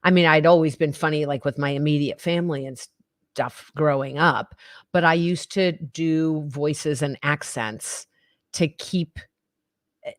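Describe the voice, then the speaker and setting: A woman's voice: low voice, measured pace, no echo, clean studio sound. A woman guest on an interview podcast, talking playfully and laughing easily. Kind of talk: casual interview chat.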